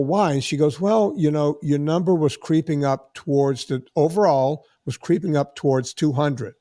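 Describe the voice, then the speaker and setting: This podcast host, a man in his sixties, has a voice on the high side and a dry, studio-quality recording. He animatedly recounts a long story in casual chat, voicing the people in it.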